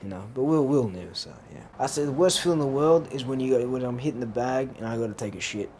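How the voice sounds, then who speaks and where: A man's voice: medium pitch, fast. Rambling young man, laughing often. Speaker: podcast co-host. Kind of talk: casual chat. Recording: faint background noise.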